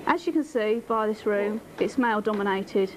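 A woman's voice: medium pitch, moderate pace, a crowd in the background, low-quality recording. A woman telling a joke to camera in an office, giggly and self-mocking, picked up by a camcorder mic. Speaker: office worker. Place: office room.

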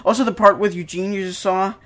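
A young man talks through his own videos in a loose, casual commentary. His voice sits notably high for a man. He rambles with enthusiasm, restarts his sentences and fills pauses with "uh" and "um". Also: steady tone, sharp tone. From Denmark.

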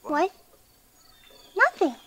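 A woman's voice: extremely slow, music in the background. An actress playing a pushy young woman who wheedles for a princess role. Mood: wheedling. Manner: wheedling and overeager. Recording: noisy location recording.

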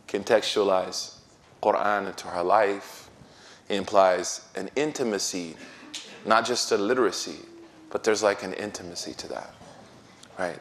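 A middle-aged man giving a casual, laughter-filled talk as an imam, telling stories in relaxed, slangy speech. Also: on the low side, a little hiss or hum. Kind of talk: casual sermon storytelling.

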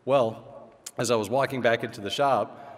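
A man's voice: medium pitch, steady tone, moderate pace. A middle-aged man from the Midwest United States giving an induction speech, telling a story with quoted dialogue at a podium microphone. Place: large hall on stage. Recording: long hall reverb.

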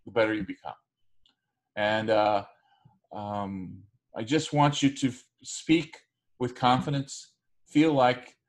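A man teaching, loose and unhurried. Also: lowish voice. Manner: relaxed, with frequent fillers and restarts. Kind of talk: recorded class lecture.

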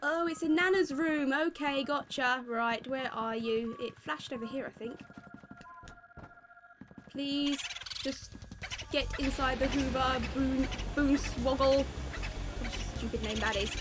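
Fast-talking British woman gaming. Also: high voice, noisy background. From Britain. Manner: fast-talking, excitable, melodramatic outbursts. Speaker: gaming YouTuber. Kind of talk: let's play commentary. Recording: game music playing behind.

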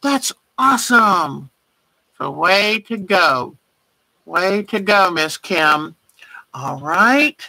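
A quilting show host chats through a casual livestream show-and-tell, gushing over viewers' pieces and naming each one. Her mid-range voice sounds pushed and bright, with no room sound but low-quality audio.

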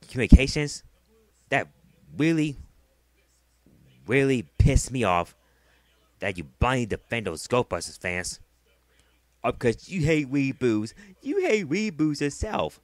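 A man's voice: medium pitch, no echo. A man delivering a heated, profane vlog rant, often repeating himself. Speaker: vlogger. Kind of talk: angry ranting vlog.

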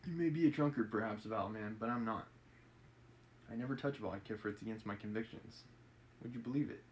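A man's voice: lowish voice, quick pace, darkish tone, a little hiss or hum, close to an everyday voice, low-quality recording. A man reading aloud as a stern, haughty young male witness. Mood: angry. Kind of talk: reading a novel aloud on a live stream.

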